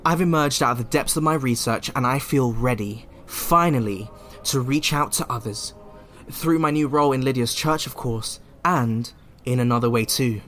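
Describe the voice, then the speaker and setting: A man's voice: mid-range voice, normal speed, fairly bright tone, slight background noise. A young man leaving a pompous, self-important voice note in a preachy tone. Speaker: church group leader leaving a voice note. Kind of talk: comedic voice-note monologue.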